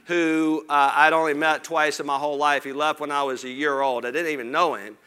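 A middle-aged man from Lower Alabama speaks in a Southern accent, telling stories to an audience from an event stage. His voice is bright and forceful, smooth and resonant, and he sits a little high. He talks in a folksy, animated way, full of jokey asides. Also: brisk. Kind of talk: storytelling keynote talk.

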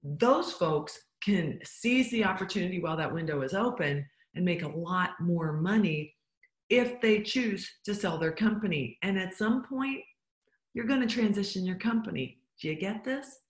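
A woman's voice: on the low side, expressive, moderate pace. A woman giving a motivational business talk, emphatic and full of rhetorical questions put to the listener. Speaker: business coach. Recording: echoey room.

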